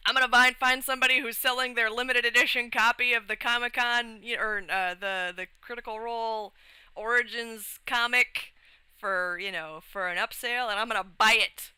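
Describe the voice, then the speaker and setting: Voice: medium pitch, fairly even intonation, normal speed, pushed and bright, smooth, no echo, poor audio. A young adult livestreamer chatting casually and rambling, with frequent restarts, swearing and laughs. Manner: laughs often while talking.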